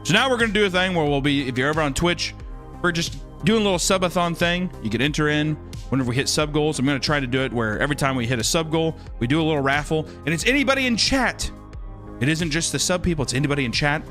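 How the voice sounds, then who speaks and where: A man's voice: on the high side, animated, fast, fairly bright tone, soft background music. A man chatting casually on a live stream while drawing, rambling and joking with crude humor.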